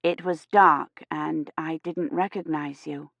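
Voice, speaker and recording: A woman voicing a young woman historian who talks softly and apologetically. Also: low-pitched, fairly even intonation, slow pace, gravelly, no echo, muffled recording, full character voice. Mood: apologetic. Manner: soft, apologetic. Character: young woman historian, frightened but polite.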